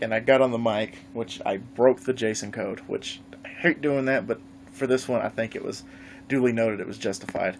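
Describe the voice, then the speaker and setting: A man vlogging live, telling a gaming story in a casual, animated way and swearing freely. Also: mid-range voice, a little hiss or hum. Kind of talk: casual livestream chat.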